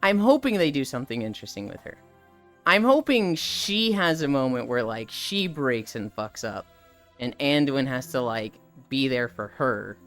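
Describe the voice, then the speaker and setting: A streamer in casual live chat who rambles and swears freely, voice swinging widely in pitch. Faint background music runs throughout. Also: sing-song, normal speed, a bit bright.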